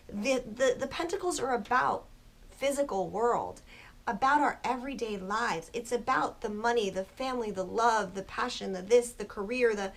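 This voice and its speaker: A woman giving a casual tarot reading to her viewers, earnest and soft-spoken, with a spiritual tone and frequent filler words. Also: fairly high pitch. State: just woken early in the morning. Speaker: tarot reader.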